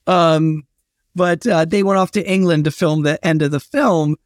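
Man, historian guest, higher-pitched, chatty anecdotal delivery, dry close sound. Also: fairly even intonation, moderate pace, no echo. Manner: anecdotal, chatty with fillers and restarts. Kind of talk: casual storytelling interview.

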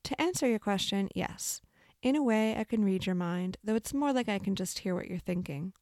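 A woman voicing a calm, gentle otherworldly woman who speaks smoothly and reassuringly. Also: medium pitch, moderate pace, no room sound, clean studio sound, lightly acted. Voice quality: smooth and clear. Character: calm, gentle woman spirit with a slight accent.

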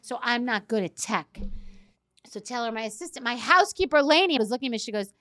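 Bright-voiced, profane woman in her fifties. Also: a little high. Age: 50s. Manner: animated, profane, quick to act out quotes. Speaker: social media personality. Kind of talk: profane comedic rant to camera.

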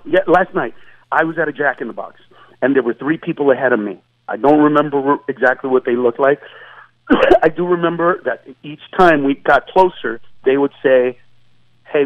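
A man's voice: on the high side, dry recording. A man, a comedian guest, telling jokes in an emphatic, stammering way, acting out voices, heard over a tinny phone line. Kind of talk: animated comedic storytelling.

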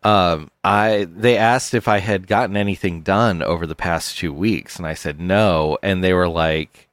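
A man with a very low, deep voice tells stories in an unhurried, deadpan manner on a comedy podcast. The sound is dry and close to the mic. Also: dry recording. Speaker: podcast co-host. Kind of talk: casual comedic chat.

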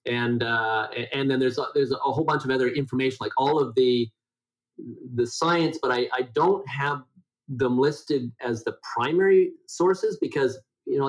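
A middle-aged man with a somewhat nasal voice talks as an interview guest. He rambles through his points with frequent restarts and fillers, at a medium pitch. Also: poor audio. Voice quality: self-described high nasal voice. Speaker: guest health educator. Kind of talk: conversational interview.

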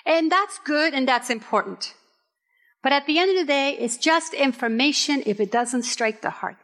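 A middle-aged woman pastor from Puerto Rico, preaching a candid sermon with personal stories and emphatic, drawn-out phrases. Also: high-pitched, expressive, a bit bright. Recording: reverberant hall.

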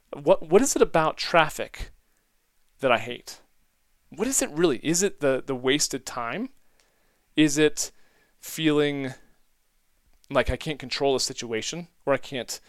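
A man's voice: medium pitch, clean tone, no room sound, clean studio sound. A man hosting a solo podcast, talking reflectively, rambling and correcting himself, often laughing at himself. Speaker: podcast host.

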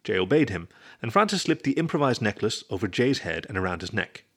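A man reading a story aloud as narrator in a steady storybook manner. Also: fairly low pitch, a little fast, husky. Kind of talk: scripted narration.

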